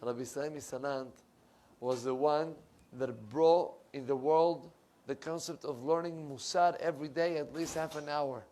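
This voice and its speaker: A middle-aged male rabbi preaching a sermon in a synagogue, animated and emphatic, swinging from loud to soft. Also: on the high side, moderate pace, slight background noise.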